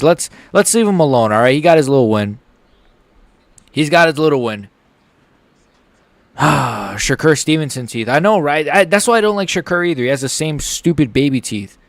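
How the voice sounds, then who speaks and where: A young man hosting a livestream, giving live fight reaction commentary in a rambling, excitable way, swearing and swinging from mumbles to shouts. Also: fairly high pitch, normal speed, no room sound. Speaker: livestream host.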